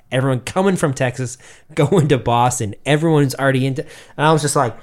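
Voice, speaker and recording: A young Massachusetts man co-hosts a podcast, telling stories in a casual, animated, heavily profane way. His voice is medium in pitch and moves a little fast.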